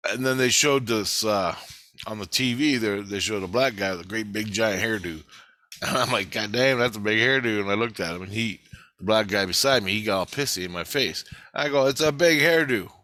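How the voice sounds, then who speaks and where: A man rambles through a story in loose, profane everyday talk. His voice is bright and forceful, and the recording is dry, close and without room echo. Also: lowish voice, fairly quick. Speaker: vlogger recounting a dream.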